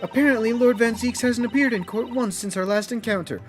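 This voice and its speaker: A man voicing a polite, composed young female assistant who speaks in a measured, formal way. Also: very high-pitched, soft background music, pitched above the performer's own voice. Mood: informative.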